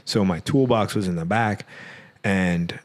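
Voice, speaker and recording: Male podcast guest, low voice, loose rambling storyteller, lots of fillers. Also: unhurried. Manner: rambling, many "like" fillers, acts out quotes. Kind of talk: casual storytelling.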